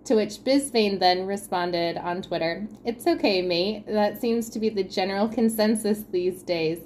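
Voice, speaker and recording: A woman's voice: mid-range voice, a little slow, a little mellow, slight background noise. A woman co-hosting a casual sports podcast, reading quotes aloud and laughing at them. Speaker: podcast co-host.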